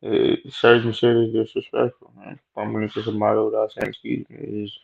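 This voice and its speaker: A man's voice: fairly low pitch, completely flat delivery, a little fast, creaky, slightly rough. A young man telling a rambling, profane story about a workplace run-in in a loose, slangy way. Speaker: vlogger telling a work story. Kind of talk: casual storytelling monologue. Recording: dull lo-fi audio.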